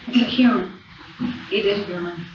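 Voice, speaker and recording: A woman's voice: medium pitch, moderate pace, slight background noise. A woman giving a raw, profane personal recovery testimony from a podium at a convention, with emotional swells in her voice. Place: large convention hall. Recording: echoey, distant, dull hall recording.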